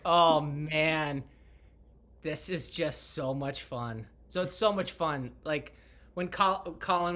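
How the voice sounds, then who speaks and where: Male guest, bright tone, softly enthusiastic, pauses to find words. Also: a little high. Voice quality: soft, enthusiastic, searching for words. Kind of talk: casual video chat.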